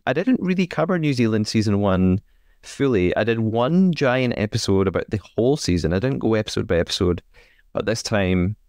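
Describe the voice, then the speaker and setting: A man's voice: fairly low pitch, a little mellow, smooth, dry recording, clean studio sound. A man hosting a chatty podcast, with a hesitant way of talking full of ums and uhs and easy laughter. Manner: filler-heavy, hesitant, laughs often. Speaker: podcast host. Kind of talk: casual chat.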